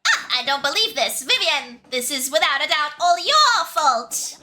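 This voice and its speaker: A woman's voice: high-pitched, big pitch swings, measured pace, sharp tone, soft background music, pitched above the performer's own voice, exaggerated voice. A woman doing Beldam, a cruel, haughty shadow witch with an almost Russian accent. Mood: scolding. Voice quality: haughty, scolding. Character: cruel imperious old female shadow witch.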